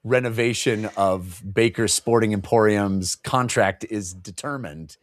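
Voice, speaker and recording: A man's voice: lowish voice, measured pace, no room sound. A man co-hosting a casual book discussion, recapping the story and acting out the characters' lines, laughing often. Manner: animated, acts out characters' lines while recapping; laughs often while telling. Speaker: podcast co-host.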